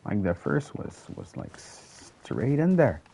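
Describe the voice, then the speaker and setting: A French Canadian man, a French speaker at heart, talks his way through a game at an easy, unhurried pace. His voice is warm and mellow. He rambles from thought to thought and swears casually as he goes. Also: mid-range voice, big pitch swings, creaky, husky. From Quebec, Canada. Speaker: gaming channel host. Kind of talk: solo gameplay commentary.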